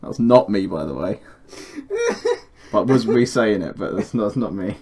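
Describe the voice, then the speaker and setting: A man's voice: fairly low pitch, lively intonation, normal speed, a little mellow, a little hiss or hum. A man recording game voice lines, chatting casually between takes and laughing at himself. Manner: self-deprecating, laughing at his own takes.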